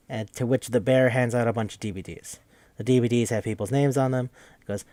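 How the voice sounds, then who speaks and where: A man's voice: medium pitch, fast talker, darkish tone, dry recording. A man hosting a podcast, recapping a game in a rambling, joking, profane casual chat. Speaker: podcast host.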